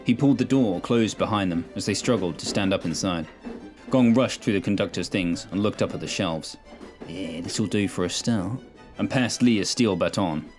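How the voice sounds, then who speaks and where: A man narrating a sci-fi audio story in a measured, steady way. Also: on the low side, faint music behind.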